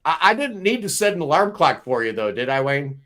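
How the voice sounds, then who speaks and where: A man with a fairly high voice hosts a relaxed live-stream panel. He chats along in an upbeat way and teases his guests good-naturedly. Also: brisk. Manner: chatty, teasing, upbeat. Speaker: host.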